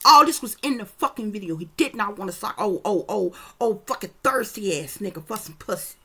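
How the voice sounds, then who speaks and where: A woman's voice: mid-range voice, expressive, brisk, a bit bright, husky. A woman giving a casual psychic reading, talking emphatically with lots of swearing and often checking that her listeners follow. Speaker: psychic reader.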